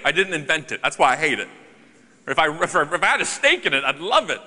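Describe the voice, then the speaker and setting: A man giving a conference keynote to a live audience, joking and animated with sarcastic asides, on a stage microphone in a large hall. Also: a little high, fast talker. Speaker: keynote speaker. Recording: long hall reverb.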